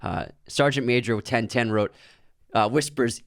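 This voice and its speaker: A man's voice: mid-range voice, a little slow, gravelly, dry recording, studio quality. A man co-hosting a podcast, chatting casually and reading listener comments aloud with frequent laughs. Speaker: podcast co-host. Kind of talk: casual chat.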